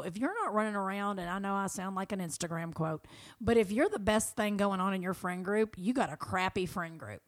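A woman from Kentucky with a Southern American accent, co-hosting a podcast in an animated, folksy, casual chat. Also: mid-range voice. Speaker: podcast co-host.

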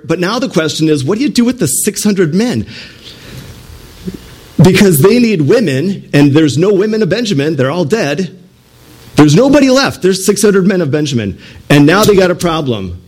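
A man's voice: a little high, darkish tone, slightly rough. A man preaching a sermon through a scripture passage, asking the listeners rhetorical questions and putting on pleading voices for the people he quotes. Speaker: pastor.

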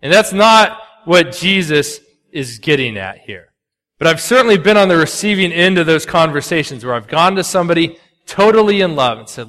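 A man delivers a sermon in a chatty, lively way, punching up jokes and then dropping low and earnest. His voice is fairly high and sharp-edged. It carries a long reverb from a church sanctuary. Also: normal speed. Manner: animated, conversational, swings between loud punchy asides and quiet earnest lows. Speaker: pastor.

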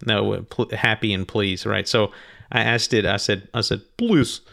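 A man telling of a spiritual experience in a slow, reflective monologue, often stopping and restarting his sentences. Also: lowish voice, flat delivery, creaky, bright, forceful tone. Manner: halting, frequent restarts; slow, thoughtful delivery. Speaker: speaker recounting a spiritual experience.

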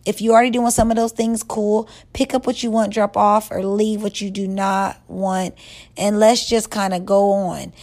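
A woman vlogger giving relationship advice in a blunt, profane, scolding rant, stretching words and jumping up in pitch for emphasis. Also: flat delivery, moderate pace, a little mellow. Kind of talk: casual rant to camera.

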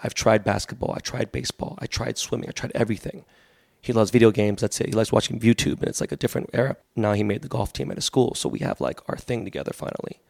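Gravelly fast-talking man in his forties. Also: on the low side, a little mellow, dry recording, clean studio sound. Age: 40s. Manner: fast, rambling storytelling with many fillers. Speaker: guest. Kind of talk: casual podcast chat.

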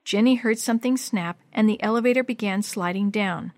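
A woman narrating a children's chapter book aloud in a clear, even storytelling manner. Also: medium pitch, a little fast, no room sound.

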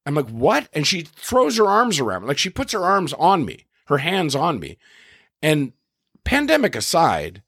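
A man's voice: on the high side, wildly swooping pitch, unhurried, gravelly, fairly bright tone, breathy edge, no echo, studio quality. A middle-aged man, a comedian and podcast host, telling a story in a casual, exasperated way and swearing now and then.

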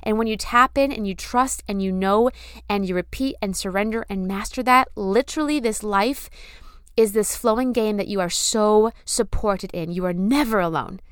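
A young woman talks through her podcast in a casual, heartfelt flow, repeating phrases to drive each point home. Her voice is smooth and clear, sitting at an ordinary middle pitch. The sound is close and dry, with no room around it. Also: moderate pace, no room sound. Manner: earnest, effusive, repeats phrases for emphasis. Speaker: podcast host. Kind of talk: casual spiritual podcast monologue.

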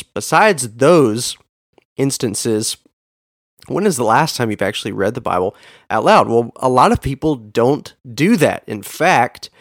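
An earnest male podcast host teaching in a direct, emphatic way, leaning hard on key words with sudden jumps in pitch. His voice sits in an ordinary middle register and sounds dry and close, with almost no room around it. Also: no echo. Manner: emphatic, stresses words with big pitch swings; earnest, addresses the listener directly.

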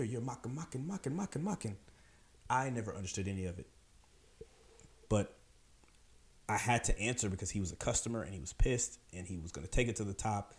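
A man telling a story in a casual, animated way, with emphatic delivery and quick voices for the people he quotes. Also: on the low side. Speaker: podcast storyteller.

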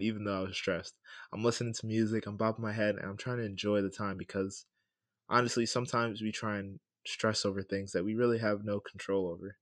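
A young man with a lowish voice hosts his own podcast and talks through a story off the cuff. He keeps it casual and conversational, often asking "right?" as he goes. The sound is close and dry, with no room around it. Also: no room sound. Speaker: podcast host.

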